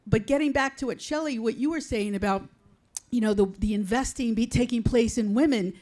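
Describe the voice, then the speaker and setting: A woman's voice: on the high side, a little fast, a little mellow. Enthusiastic woman investor in the audience. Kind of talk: audience question at a conference.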